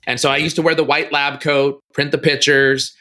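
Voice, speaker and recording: A middle-aged man, a podcast guest, telling a story in a casual interview and acting out quoted dialogue with big pitch jumps. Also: level tone, normal speed, sharp tone.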